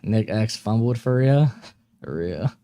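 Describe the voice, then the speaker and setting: A man's voice: on the low side, animated, takes it slowly, mellow. A young man hosting a live stream, chatting casually with viewers in a laid-back, slangy way and laughing often.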